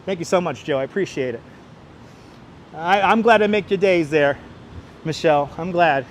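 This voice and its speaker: High-pitched guy streaming live on a walk through a city park, clip mic, cracks jokes at chat, faint traffic behind. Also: normal speed. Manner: jokey, breaks into playful singing, reads out viewer names. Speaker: livestream host. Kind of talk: walking livestream chat. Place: outdoors on an elevated city park walkway. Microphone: wireless clip-on mic, phone on gimbal.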